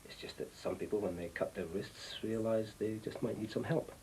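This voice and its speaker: A man's voice: lowish voice, fairly even intonation, moderate pace, a little mellow, slight background noise, lightly acted, rough recording. An actor playing a lonely middle-aged husband, rambling and hesitant as he confides. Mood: cutting. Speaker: troubled husband. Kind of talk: soap opera acting.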